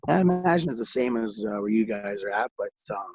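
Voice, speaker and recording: Low husky gravelly man, lo-fi. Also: animated, fairly quick, a little mellow. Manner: laughs through stories, rambling, swears a lot. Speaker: guest. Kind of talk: casual storytelling chat.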